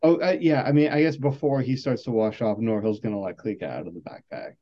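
A man's voice: medium pitch, fast, highs cut off. A man playing a tabletop game, saying what his character does in a casual, offhand way. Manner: casual, offhand player talk. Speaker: player.

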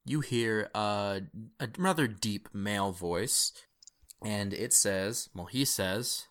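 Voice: low-pitched, slow, a bit bright. A game master casually narrating a tabletop role-playing game, laughing often.

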